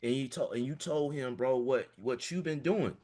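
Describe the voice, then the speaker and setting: This small-town Florida man, a financial coach, pushes hard with a passionate motivational talk over video call, frequently tossing in "man." His voice is medium in pitch and a little mellow, at a moderate pace.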